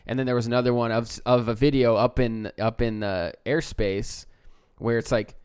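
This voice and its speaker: A man's voice: mid-range voice, fairly even intonation, normal speed, a little mellow, clear, resonant tone, no room sound, studio quality. A man co-hosting a podcast in loose casual chat, who likes to slip into playful voices. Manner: loose, chatty, fond of playful impressions. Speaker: podcast co-host.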